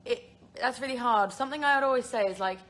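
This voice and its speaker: A woman's voice: fairly high pitch, fast talker, a bit bright. Chatty English woman on a phone livestream. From England. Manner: chatty and laughing, reading out questions with filler words. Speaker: actress answering fan questions. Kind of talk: casual live-stream chat.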